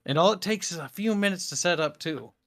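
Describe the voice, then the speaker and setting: Blunt, animated Midwestern man. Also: sits high, fairly quick. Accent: American Midwestern. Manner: animated, laughing, blunt and profane. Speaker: guest. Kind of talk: casual interview chat.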